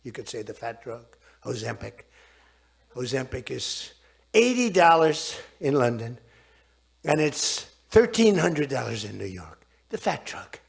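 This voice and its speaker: A man's voice: medium pitch, big pitch swings, measured pace, creaky, husky. A man in his seventies giving a rambling speech, digressing and repeating himself.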